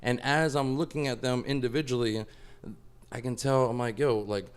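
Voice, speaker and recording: A man's voice: mid-range voice, normal speed, clean tone. A man, a podcast guest, telling a story in casual chat, swearing freely and filling his talk with "like" and "bro". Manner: animated, profane, lots of "like" and "bro".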